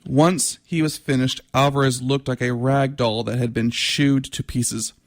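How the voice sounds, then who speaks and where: A man reads aloud from his own novel, taking his time and sometimes tripping over a word and starting it again. His voice has a gravelly, creaky texture and an unhurried pace. The sound is close and dry, with no room echo. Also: mid-range voice, steady tone. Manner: measured reading with occasional stumbles and restarts.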